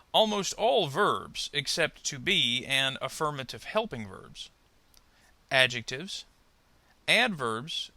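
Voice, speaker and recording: With no echo in the recording, a man reads scripted pronunciation instruction in a very bright, slightly gravelly voice. He moves slowly and clearly through each point, his pitch rising and falling widely as he emphasizes stressed words, and deliberately over-articulates model sentences for learners to repeat.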